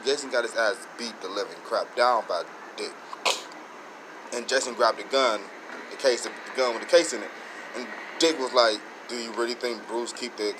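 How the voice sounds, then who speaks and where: A man hosting his own channel, giving a rambling, excited casual review with many restarts and self-corrections. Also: medium pitch, background noise. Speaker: show host reviewing episodes.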